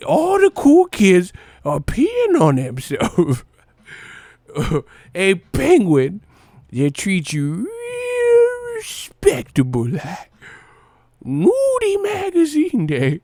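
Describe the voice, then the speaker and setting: A man's voice: very high voice, huge pitch swings, warm tone, no room sound, clean studio sound, pitched above the performer's own voice, full character voice. A man voicing a giddy, silly grown man-child in a squealing, singsong voice. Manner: squealing, drawn-out, singsong delivery.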